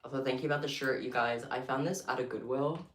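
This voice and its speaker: Quick-paced and medium in pitch, she's a chatty livestream host who sounds winded and giggles as she jumps between thoughts. Her mic sits far away, leaving a roomy echo and faint noise.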